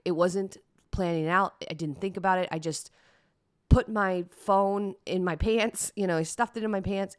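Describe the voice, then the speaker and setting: Candid and emotional, a solo podcast host talks about personal matters in a low-pitched voice, sometimes tearing up and chatting with plenty of fillers. The sound is dry and clean, studio quality.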